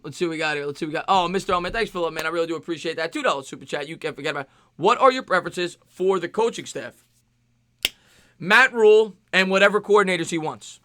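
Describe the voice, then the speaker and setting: A man's voice: a little high, sharp tone, clean tone, no room sound, clean studio sound. A man with a New York accent hosting a casual live-stream Q&A, reading viewer questions and answering with lots of fillers and repeated phrases. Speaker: sports stream host.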